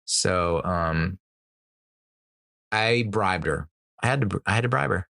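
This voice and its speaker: A man's voice: low-pitched, animated, slow pace, vocal fry, bright, forceful tone, no room sound, clean studio sound. A man in his thirties hosting a podcast, telling stories in a rambling, profane way with frequent laughs. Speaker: podcast host. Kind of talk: casual storytelling chat.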